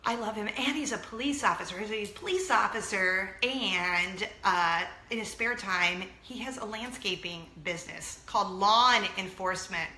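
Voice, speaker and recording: A woman's voice: mid-range voice, moderate pace, hardly any pauses, bright, forceful tone, echoey room. A woman in her thirties hosting a chatty vlog, gushing and talking straight to her viewers. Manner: bubbly, gushing, talks to viewers directly. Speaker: vlog host.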